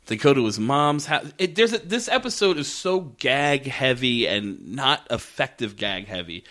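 Man, casual podcast recap, profane, rambling, lots of fillers, bright forceful voice. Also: medium pitch, big pitch swings, normal speed. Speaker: podcast co-host. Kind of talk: casual chat recapping a show.

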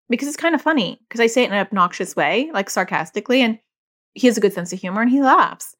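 A middle-aged woman, a mother and parent educator, explaining casually and acting out quoted lines in a higher voice. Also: expressive, quick pace, fairly bright tone. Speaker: parent educator teaching about OCD.

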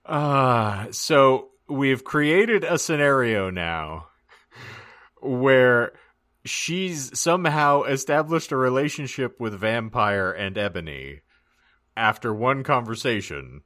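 Wry deadpan man reading aloud. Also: mid-range voice, slow pace, no echo, studio quality. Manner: wry deadpan narration with mock-grand asides. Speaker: podcast host. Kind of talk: comic dramatic reading.

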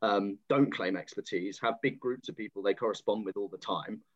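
A British man hosting a podcast panel, voicing opinions in an exasperated, animated way. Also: fairly low pitch, brisk. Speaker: podcast host. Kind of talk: casual panel discussion. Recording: slightly dull podcast audio.

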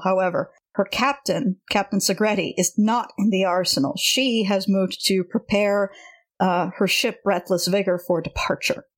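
A woman narrating as game master, explaining things in a measured way and laughing often. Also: medium pitch.

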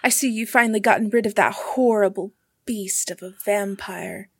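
A woman's voice: mid-range voice, steady tone, normal speed, slightly rough, dry recording, studio quality. A woman playing a dramatic, eccentric actress who is obsessed with vampires and speaks in a theatrical, stammering rush. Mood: insistent.

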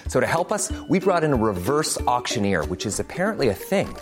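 A man's voice: mid-range voice, big pitch swings, brisk. A man reading a radio ad as spokesman, in a dry, wry manner. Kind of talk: radio ad read. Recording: music behind.

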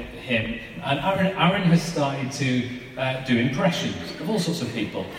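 A preacher with a mid-range voice gives an informal, chatty sermon, putting rhetorical questions to his listeners. He's recorded from far off in an echoey hall, with a little hiss or hum.

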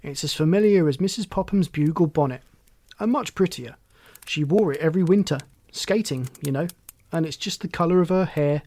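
An eager young man talks with lively emphasis and a slightly raised pitch, voiced by a male audiobook reader. He sounds earnest and sincere. The recording is dry and close. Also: brisk, no echo.

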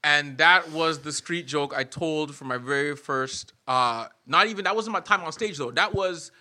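Bright-voiced, animated man telling stories. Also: a little high, moderate pace. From Canada. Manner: loud, laughing storyteller who acts out voices in jokes. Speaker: podcast host and comedian. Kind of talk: casual chat.

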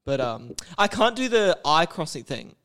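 A man co-hosting a podcast, talking in a loose, sweary, joking way. His voice sits a little higher than most men's. He laughs easily and drops into goofy impressions. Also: very animated, moderate pace, a bit bright. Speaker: podcast co-host. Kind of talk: casual podcast chat.

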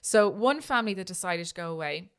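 A woman's voice: fairly low pitch, animated, fast talker, clear, resonant tone. A woman co-hosting a podcast, telling a history story in a chatty way, often restarting and tagging lines with "right?". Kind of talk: casual storytelling chat.

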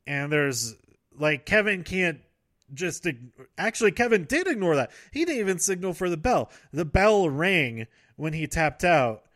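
A man's voice: on the high side, very animated, unhurried, fairly bright tone, no echo, clean studio sound. A man casually recapping wrestling events, rambling, correcting himself and laughing often.

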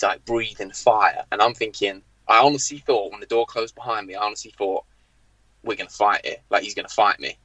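A man, a former footballer, telling an anecdote on a podcast, animated and acting out the dialogue, with frequent "like" fillers. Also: on the low side, no echo, low-quality recording. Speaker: former professional footballer, guest. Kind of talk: podcast storytelling.

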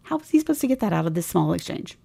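A woman's voice: lowish voice, sing-song, racing, gravelly, dark tone, husky. A woman co-hosting a podcast, casually recapping a TV episode and retelling scenes with acted-out dialogue. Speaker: podcast co-host.

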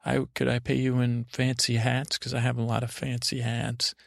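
A man playing a polite, well-dressed kitten in a dreamy bedtime story, wheedling and coaxing. The voice is gravelly and flat, with a dry, close sound. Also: mid-range voice, normal speed, dry recording, close to an everyday voice.

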